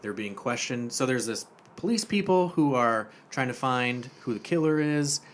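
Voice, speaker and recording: A man co-hosting a podcast in casual chat, recapping a show with profanity and animated storytelling. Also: medium pitch, normal speed, a little hiss or hum. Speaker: podcast co-host.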